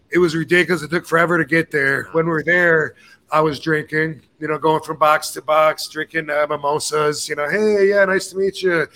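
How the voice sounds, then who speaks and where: A man in his fifties, hosting a podcast, telling a rambling story in casual chat and acting out the voices and curses of the people in it. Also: on the high side. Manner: animated, acts out quoted dialogue with cursing. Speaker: podcast host.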